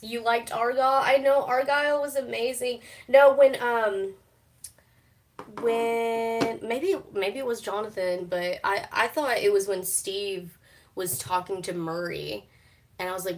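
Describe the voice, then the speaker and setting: A young woman talks casually on a live stream, recorded on her phone. She laughs easily, swears without thinking about it, and fills her pauses with "um" and "like.". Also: mid-range voice, steady tone. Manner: chatty, swears freely, laughs often, many fillers. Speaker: streamer reacting to a TV show.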